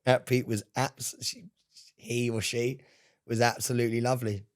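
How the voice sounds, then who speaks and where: A man's voice: medium pitch, flat delivery, normal speed. A man co-hosting a podcast, telling a rambling story in casual chat, laughing and swearing often. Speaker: podcast co-host.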